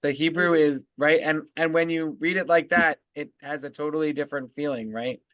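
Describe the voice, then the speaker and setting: A man teaching as a rabbi, explaining word meanings in a halting way full of fillers and restarts. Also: fairly high pitch, fairly even intonation, fairly bright tone, no room sound. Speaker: rabbi leading a text study. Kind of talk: casual teaching discussion.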